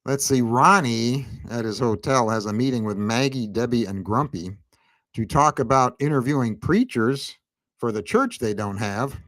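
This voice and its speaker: A man's voice: medium pitch, expressive, normal speed, fairly bright tone. A man hosting a casual recap chat, laughing often and reading viewer comments aloud. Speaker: podcast host.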